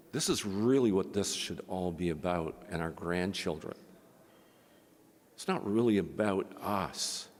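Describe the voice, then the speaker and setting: An older man moderating a conference, telling a personal story and then making an impassioned appeal, his speech slightly slurred from facial palsy. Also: lowish voice. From Canada. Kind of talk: conference talk. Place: large conference hall. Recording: long hall reverb.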